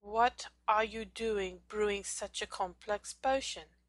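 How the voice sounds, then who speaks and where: A woman's voice: mid-range voice, slow pace, dry recording, natural voice. A woman voicing a stern, sneering male potions teacher's ghost in a fan fiction audiobook reading, talking coldly and scornfully in clipped lines.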